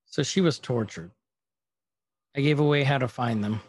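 A man's voice: medium pitch, normal speed, slightly rough. A man casually recapping a TV episode on a podcast, retelling scenes and quoting the characters as he goes. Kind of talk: casual chat.

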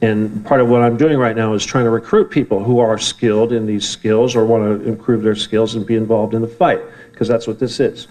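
A man's voice: on the low side, fairly even intonation, a little fast, hardly any pauses, darkish tone, rough recording. A man giving a rambling, heated talk to a live audience in an event room, often swearing and bantering with the crowd.

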